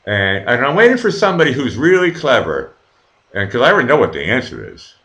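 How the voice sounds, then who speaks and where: A middle-aged man hosts a live stream, talking quickly in a medium-pitched, bright, forceful voice that swoops wildly in pitch. He rambles casually, swears freely, and reads viewers' chat aloud with many fillers and restarts.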